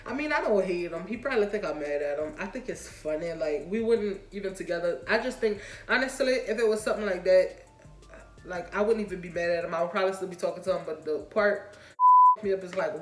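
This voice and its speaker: Chatty young-sounding woman, roomy echo. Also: on the low side. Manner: chatty, slangy, laughs often while telling the story. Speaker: vlogger. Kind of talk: casual storytime vlog. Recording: roomy echo, faint music.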